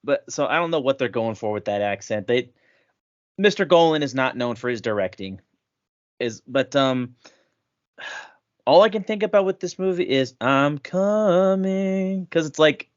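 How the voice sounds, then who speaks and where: A man's voice: on the high side, no echo. A man talks casually and makes self-deprecating jokes. His voice sounds dull and lo-fi, recorded dry and close. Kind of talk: casual chat.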